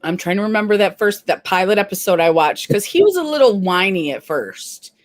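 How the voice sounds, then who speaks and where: A woman's voice: medium pitch, animated, a little fast, no echo. A woman co-hosting a casual live stream, chatting and greeting viewers by name.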